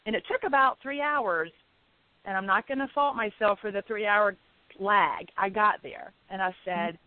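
A woman's voice: mid-range voice, moderate pace. A woman telling a personal story casually, laughing often and acting out her own reactions. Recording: tinny phone-line sound.

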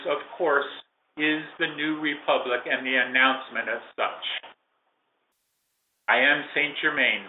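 A man channeling a calm, benevolent male ascended spirit, speaking in slow, measured, solemn pronouncements. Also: on the high side, slight background noise, pitched below the performer's own voice. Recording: echoey room, tinny phone-like sound.

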